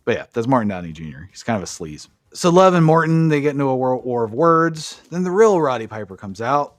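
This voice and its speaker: A man's voice: medium pitch, very animated, a little fast, no room sound, soft background music. A man co-hosting a podcast, recapping wrestling matches in a casual, profane, enthusiastic play-by-play way. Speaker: podcast co-host.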